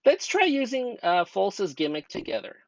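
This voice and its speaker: Young man, student teacher, grammar lesson, patient step-by-step, lively pitch, dry dull lo-fi voice-over. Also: moderate pace, no room sound. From United States. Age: young adult. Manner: patient, step-by-step teacher talk with rhetorical questions.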